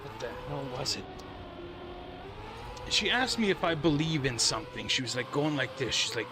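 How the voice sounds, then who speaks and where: A male livestream host telling a story casually on his stream, animated and laughing as he acts out quotes. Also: mid-range voice, moderate pace, long pauses. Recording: steady background noise.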